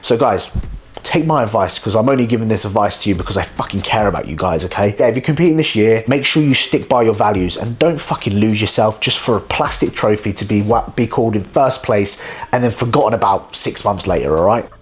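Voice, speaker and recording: A man's voice: on the low side, a little fast. A man in his thirties, a bodybuilding vlogger talking bluntly to camera indoors, swearing often. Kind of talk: casual vlog talking to camera. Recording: echoey indoor room.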